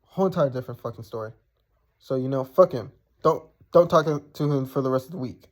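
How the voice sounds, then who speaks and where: A man's voice: mid-range voice, fairly quick. A young man casually telling a personal story, blunt and profane, rambling with lots of fillers.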